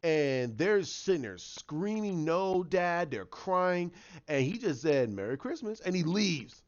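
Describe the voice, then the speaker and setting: A man casually breaking down a TV episode as a fan, excitable and acting out the characters' lines. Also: a little high, slow, lo-fi sound. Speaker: TV show reviewer.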